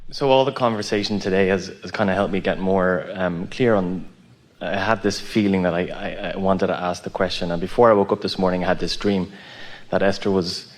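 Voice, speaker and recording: A man from the audience asking a question, telling his dream in a halting way. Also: low voice, fairly even intonation. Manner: halting, restarts while telling a story. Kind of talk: casual account of a dream.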